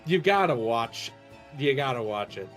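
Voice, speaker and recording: A man's voice: medium pitch, expressive, moderate pace, faint music behind. A man streaming a game, chatting casually in a rambling way, often laughing and breaking off his own sentences. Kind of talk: casual chat while playing a game.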